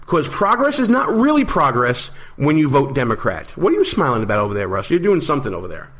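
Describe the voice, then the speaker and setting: A man co-hosting a political talk radio show, bantering with quick, teasing asides. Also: medium pitch, sing-song, a bit bright. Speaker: co-host. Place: radio studio.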